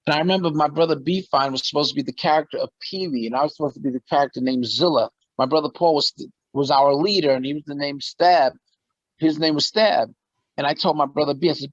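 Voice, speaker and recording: A middle-aged man, a musician and actor, telling stories as a guest in a casual interview, animated and often laughing. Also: a little high, fairly quick, no echo, lo-fi sound.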